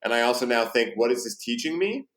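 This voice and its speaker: A man's voice: mid-range voice, lively intonation, quick pace, a bit bright. A man hosting a podcast interview, chatting casually and swearing now and then. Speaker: podcast host.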